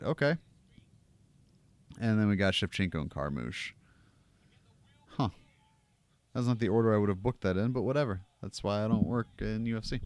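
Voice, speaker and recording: A man's voice: on the low side, clean tone, no room sound. A young man from the United States hosting a casual watch-along stream, ranting and rambling with plenty of swearing. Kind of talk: casual livestream chat. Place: home room.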